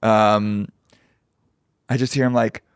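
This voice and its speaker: A man with a fairly low, clean-toned voice takes his time as he co-hosts a podcast, animatedly telling stories, cursing, and imitating people he overheard in casual chat. The sound is dry and clean, like a studio.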